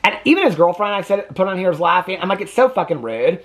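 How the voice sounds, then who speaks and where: A man's voice: high-pitched, big pitch swings, fast talker, fairly bright tone. A man hosting a reality TV reaction video, ranting indignantly and swearing freely in casual commentary. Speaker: TV reaction host.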